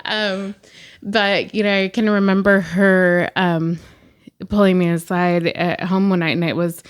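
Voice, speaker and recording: A woman's voice: on the low side, level tone, a little slow, smooth. A woman guest sharing a personal faith testimony in an interview, talking openly with many fillers and frequent laughs. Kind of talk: candid personal testimony in conversation. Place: studio interview in Fresno.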